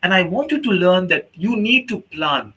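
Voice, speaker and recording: A male teacher trainer speaking to teachers in a webinar, his voice high for a man and bright. His tone is a little husky, and he tells stories with lively quoted voices. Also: normal speed, rough recording. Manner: animated storyteller, acts out quoted voices. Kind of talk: workshop talk with storytelling.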